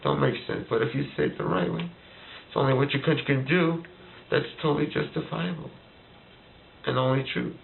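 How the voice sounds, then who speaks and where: A man's voice: mid-range voice, a little fast, creaky, long pauses, a little hiss or hum. A man delivering a heated political rant, firing off repeated rhetorical questions. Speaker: vlogger ranting to camera. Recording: tinny phone-like lo-fi recording.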